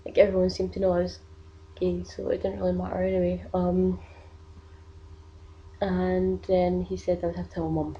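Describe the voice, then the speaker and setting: A woman's voice: on the low side, monotone, normal speed, long pauses, highs cut off. A young woman, telling a personal story in a casual vlog, rambling with many fillers. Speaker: vlogger.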